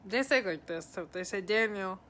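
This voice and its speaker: A woman psychic advisor gives a casual live reading, chatting to viewers by name and passing on messages in a friendly, rambling way. Her medium-pitched voice is bright and animated, with a forceful tone and a moderate pace.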